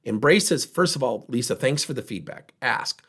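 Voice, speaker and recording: Husky animated male workshop speaker. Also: mid-range voice, moderate pace. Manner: animated storyteller, voicing others in dialogue. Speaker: workplace trainer and speaker. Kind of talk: motivational workshop talk with acted-out anecdotes.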